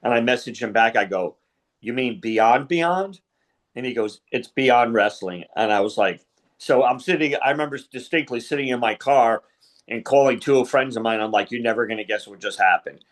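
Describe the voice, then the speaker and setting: A man's voice: mid-range voice, fairly even intonation, brisk. A middle-aged man, a wrestling referee, telling stories in a casual interview, rambling with many fillers and retold conversations. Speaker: wrestling referee, podcast guest.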